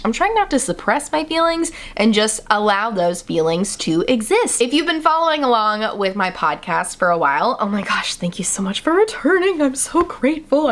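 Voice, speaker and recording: A young woman hosting her own mental health podcast, talking casually and self-deprecatingly with lively swings in her voice. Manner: chatty, self-deprecating, animated swings in pitch. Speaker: podcast host. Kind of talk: casual solo podcast monologue.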